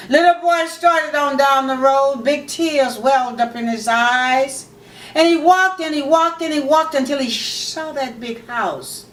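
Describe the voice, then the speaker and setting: A woman telling a children's story in a slow, expressive, folksy way, recorded from far off in an echoey room. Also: sits high.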